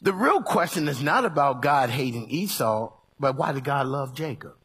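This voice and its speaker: Very husky, animated male preacher. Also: moderate pace, few pauses. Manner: animated, conversational preaching, swinging from low murmurs to shouts; folksy and colloquial. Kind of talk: sermon.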